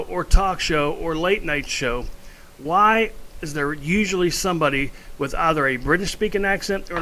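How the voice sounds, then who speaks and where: A man's voice: a little high, pushed and bright, low-quality recording. A man ranting in a casual opinion vlog from his home, blunt and rambling with asides. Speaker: vlogger.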